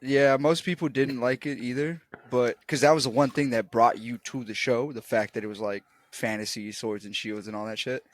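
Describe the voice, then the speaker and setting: A man co-hosting a podcast in casual chat, expressive and swearing, often laughing. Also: medium pitch, moderate pace, hardly any pauses. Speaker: podcast co-host.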